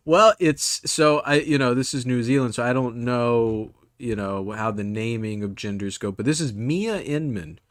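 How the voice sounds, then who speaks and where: A man's voice: medium pitch, unhurried, dry recording, studio quality. A man hosting a casual comedy podcast, rambling through fillers and restarts and laughing often. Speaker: podcast host.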